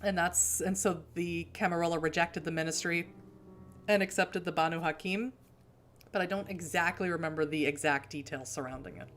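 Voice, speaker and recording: A woman's voice: fairly low pitch, steady tone, normal speed, a bit bright, slight background noise. Chatty woman streamer from Boston. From Boston, USA. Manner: chatty, laughing asides and rambling. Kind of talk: casual gameplay commentary and reading aloud.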